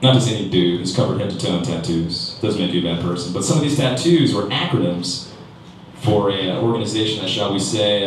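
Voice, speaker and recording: A man doing a stand-up comedy set on a club stage, his pitch swooping up high for punchlines. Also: distant mic. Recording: echoey club recording from afar, crowd noise.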